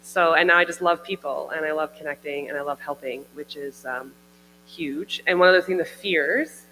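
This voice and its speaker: Bright-voiced woman testifying in a hall. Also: sits low, normal speed. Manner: heartfelt, chatty, full of "like" and "I remember". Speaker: congregant giving a testimony. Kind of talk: emotional personal testimony. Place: church hall. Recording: hall reverb with faint mains hum.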